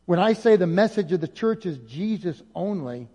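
A male pastor preaching an impassioned sermon, rising at times to near shouting. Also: sits high, lively intonation, normal speed. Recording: dull audio with long hall reverb.

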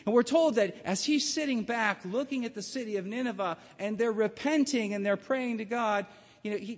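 Man preaching in a reverberant hall. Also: husky. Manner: storytelling, dramatic swings in pitch and volume. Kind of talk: sermon.

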